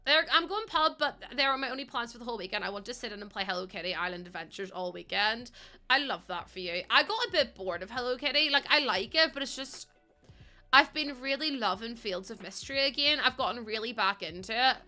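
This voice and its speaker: Bright, giggly young woman streamer. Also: fairly high pitch, expressive, fairly quick, faint music behind. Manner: chatty, giggly, self-mocking, sings snatches of songs. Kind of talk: casual chat with stream chat.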